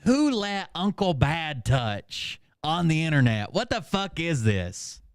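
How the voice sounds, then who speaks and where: A man's voice: a little high, big pitch swings, slow, clear, resonant tone, no echo, clean studio sound. A man hosting a reaction channel, mocking a clip in profane, incredulous asides. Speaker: commentary channel host. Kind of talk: sarcastic reaction commentary.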